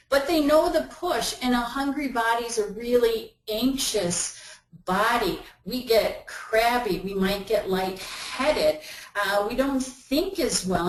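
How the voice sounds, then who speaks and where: A woman's voice: a little high, slight background noise. A woman giving a webinar talk in a conversational way, acting out everyday inner voices as she explains. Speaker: webinar presenter. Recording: roomy echo.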